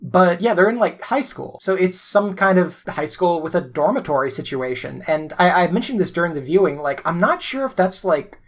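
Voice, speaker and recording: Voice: medium pitch, sing-song, normal speed, few pauses. A podcast co-host in casual conversation, chatty with many fillers and laughs.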